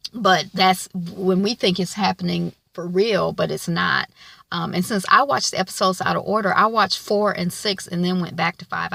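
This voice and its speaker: A woman's voice: fairly low pitch, gravelly, pushed and bright, no room sound. A woman giving a casual spoken recap of a TV episode, chatty and loose, with many filler ums. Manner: colloquial, loose grammar. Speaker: TV episode reviewer.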